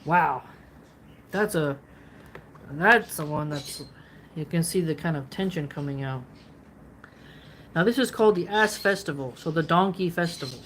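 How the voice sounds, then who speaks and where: A woman with a lowish voice hosts a philosophy reading. She reads passages aloud and stops often to unpack them in a chatty, playful way, full of casual asides. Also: unhurried, pauses often, slight background noise, low-quality recording. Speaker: philosophy channel host.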